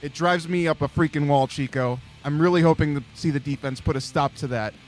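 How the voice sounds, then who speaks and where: A man's voice: fairly high pitch, brisk, soft background music. A male co-host in a casual sports chat, talking eagerly with lots of filler words.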